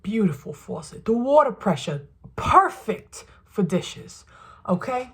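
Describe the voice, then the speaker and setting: A woman's voice: on the high side, big pitch swings, takes it slowly, slightly rough. A young woman vlogging from her bathroom in a put-on Southern US accent, chatty and emphatic, swearing freely and often asking "right?". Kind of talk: casual advice monologue. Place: bathroom at home.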